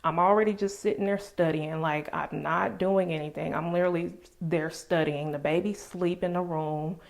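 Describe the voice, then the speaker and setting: A woman telling a personal story on her vlog in an animated, emphatic way, full of casual slang. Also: fairly low pitch, moderate pace, vocal fry. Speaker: vlogger.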